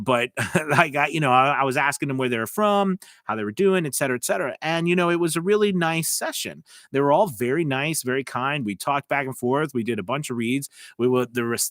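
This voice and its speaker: A man's voice: medium pitch, a bit bright, no echo, clean studio sound. Chatty man with a slight Southern drawl. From United States. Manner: rambling and chatty, many fillers and asides. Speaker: voice-over coach and livestream host. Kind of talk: casual livestream chat.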